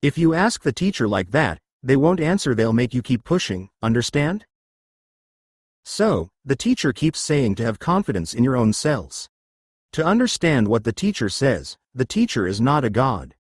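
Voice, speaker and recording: A man's voice: medium pitch, very animated, moderate pace, breathy edge, dry recording, clean studio sound. A man teaching an exercise lesson, explaining and often checking whether listeners follow. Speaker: exercise instructor.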